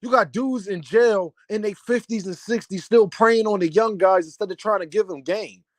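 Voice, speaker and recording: A man's voice: high voice, normal speed, dry recording. A young man delivering a heated, scolding opinion rant to the camera, in a preachy commentator tone.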